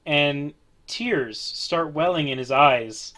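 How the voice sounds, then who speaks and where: Laid-back guy gm-ing a role-play game, lots of uhs, a bit high voice. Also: takes it slowly, bright, forceful tone. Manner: easygoing, hesitant with fillers. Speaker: game master. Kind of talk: narrating a tabletop role-play.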